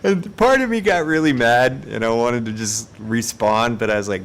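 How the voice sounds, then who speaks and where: A man chats on his live stream in a mid-range voice, spinning everyday mishaps into comic stories. His delivery is animated and self-mocking, with laughs slipping in between lines. A faint low rumble sits under the voice. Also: moderate pace, few pauses. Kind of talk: casual storytelling on a live stream.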